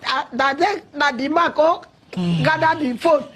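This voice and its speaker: Distraught high-voiced woman with Pidgin accent. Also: a little slow. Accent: Nigerian Pidgin. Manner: distraught, voice breaking into cries and shouts. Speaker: caller recounting an ordeal. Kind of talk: emotional storytelling in Pidgin.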